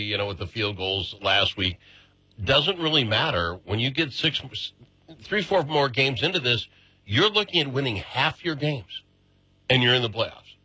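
A middle-aged man hosting casual sports talk on the radio, excitable and chatty, his voice jumping up when he gets animated. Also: mid-range voice, husky, no echo, rough recording. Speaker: radio host.

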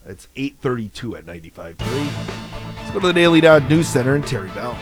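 A man's voice: mid-range voice, big pitch swings, a little fast, over music. A man hosting a local morning radio show, chatting and joking casually with his co-host.

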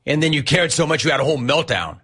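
A man's voice: fairly high pitch, lively intonation, fast, a bit bright, breathy edge. A man hosting a sports radio show, ranting sarcastically and incredulously at a player. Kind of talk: ranting sports talk monologue.

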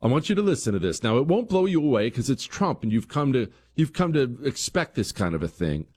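A man hosting a talk radio show, delivering an emphatic monologue that climbs to heated peaks and drops low and quiet. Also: very animated, brisk, breathy edge.

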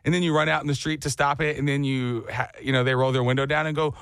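A man's voice: on the high side, little pitch movement, quick pace, a bit bright, smooth, no room sound. A man hosting a comedy talk show, riffing animatedly and slipping into silly put-on voices. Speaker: radio show host. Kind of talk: comedic radio banter.

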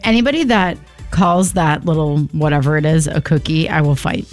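A woman's voice: deep voice, animated, moderate pace, soft background music. Wry woman co-hosting. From North Shore of Massachusetts. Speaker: radio co-host. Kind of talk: casual chat.

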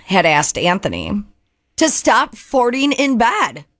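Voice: mid-range voice, wildly swooping pitch, slow pace, a bit bright. A radio co-host reading out odd news stories with teasing asides in casual banter.

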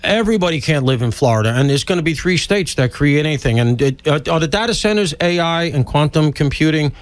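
Fast-talking blunt male radio host. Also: a little high, animated. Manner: blunt, sarcastic, riffs emphatically. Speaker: radio talk show host. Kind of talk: opinionated talk radio chat.

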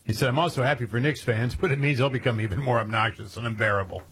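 A man's voice: medium pitch, quick pace, fairly bright tone, slightly rough. A man co-hosting a radio talk show, chatting casually and sarcastically, laughing often. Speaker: radio co-host.

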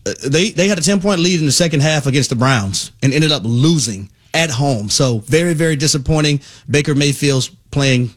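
Man, sports radio analyst, fairly high voice, measured and emphatic. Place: radio studio.

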